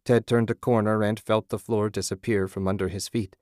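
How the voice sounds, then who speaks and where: A man narrating a story as an audiobook in a measured, dramatic way. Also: fairly low pitch, little pitch movement, a little mellow, no echo, clean studio sound.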